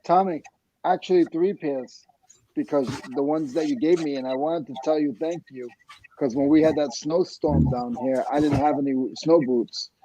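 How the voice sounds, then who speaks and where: A man co-hosting a casual chat, jokey and quick to laugh. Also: on the high side, warm tone, highs cut off, slight background noise. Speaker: podcast co-host.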